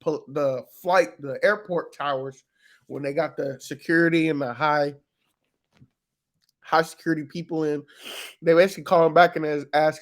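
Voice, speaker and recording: A man talks through a TV episode in a loose, unscripted recap. His voice sits a little higher than most men's, and he is casual and profane, with plenty of fillers. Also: fairly even intonation, normal speed. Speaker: reaction video host.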